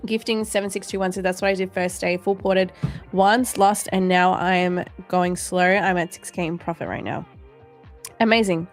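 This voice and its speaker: A woman's voice: on the low side, steady tone, normal speed, faint music behind. A woman hosting a casual livestream, reading out chat comments in a playful, jokey way and laughing often. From Australia. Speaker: livestream host.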